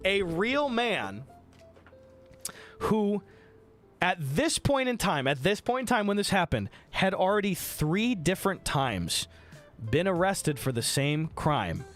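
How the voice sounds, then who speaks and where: Animated young man telling a stream story. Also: fairly high pitch. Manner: animated, swearing, acts out quotes of others. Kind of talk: casual storytelling on a live stream.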